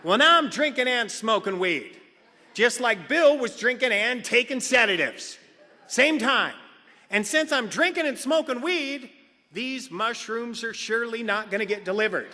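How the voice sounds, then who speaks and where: A middle-aged man speaks to a meeting hall in a high, bright voice that swoops lively up and down. He tells a funny personal story and slips into other people's voices. The sound carries a long hall reverb. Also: a little slow. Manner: animated, acts out other people's lines. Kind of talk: comedic personal storytelling talk.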